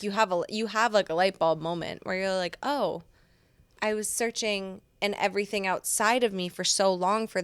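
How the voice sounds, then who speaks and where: A woman's voice: lowish voice, clean tone, no echo. A woman co-hosting a casual podcast chat, chatty and affirming, swearing freely as she talks. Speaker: podcast co-host.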